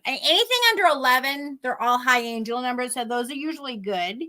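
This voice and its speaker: She's a psychic medium from Boston, judging by the accent, talking fairly quickly on a video call microphone during live-streamed chat and readings. Her high voice is bright and forceful with lively intonation, and her chatty rambling keeps getting interrupted by herself.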